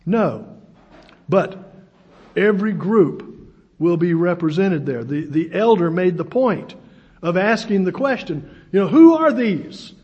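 A man in his sixties preaching a sermon, telling folksy stories with a self-deprecating wink. His voice sits high for a man and sounds husky. The recording is dull and lo-fi. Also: animated, unhurried, long pauses, a little mellow. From United States.

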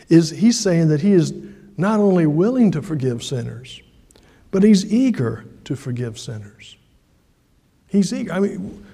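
A high-pitched, mellow-toned man preaches a sermon in a church, his voice ringing with a long hall reverb. He slips into quoted voices with sudden rises in pitch, then drops back into his steady pulpit delivery. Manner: acts out quoted voices with lively pitch jumps. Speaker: pastor.

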